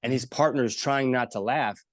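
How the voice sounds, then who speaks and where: A comedian telling animated, jokey stories in an interview, acting out the people he quotes and swearing freely. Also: medium pitch, normal speed, no echo. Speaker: comedian guest. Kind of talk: casual storytelling in an interview.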